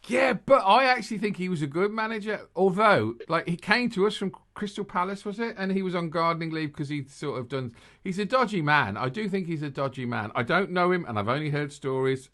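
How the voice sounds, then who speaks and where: Jokey rambling English podcast host. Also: male voice, high voice, brisk, few pauses, fairly bright tone. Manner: jokey, rambling, laughs at his own jokes. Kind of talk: casual chat.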